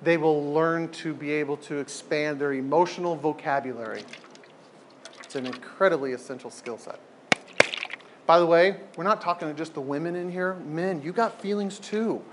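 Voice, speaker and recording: A man's voice: a little high, normal speed, a little hiss or hum. Emphatic man teaching a group. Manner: animated, emphatic, repeats phrases for effect. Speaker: speaker leading a group talk. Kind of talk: informal teaching talk.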